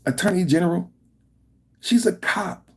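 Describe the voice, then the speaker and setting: A man hosting a podcast, delivering a political reaction rant in an emphatic, slangy, repetitive way with a husky voice. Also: high voice, a little slow, a bit bright. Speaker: podcast host.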